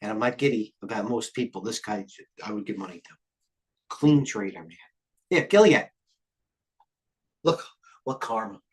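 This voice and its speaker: A man's voice: on the low side, lively intonation. A middle-aged man hosting live market commentary, rambling and jumping between tangents. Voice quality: occasional cursing, blunt and fast-thinking. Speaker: trading stream host.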